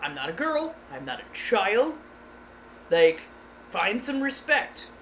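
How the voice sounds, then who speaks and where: A woman's voice: mid-range voice, very animated, takes it slowly, fairly bright tone, slight background noise. A woman streamer chatting casually, frank and giggly, sometimes putting on playful voices. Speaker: ASMR streamer. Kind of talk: casual chat.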